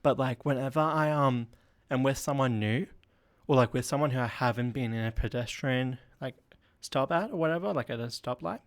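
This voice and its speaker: A man's voice: mid-range voice, normal speed. A man hosting a casual solo podcast, rambling, giggling and running himself down. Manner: rambling, giggly and self-deprecating.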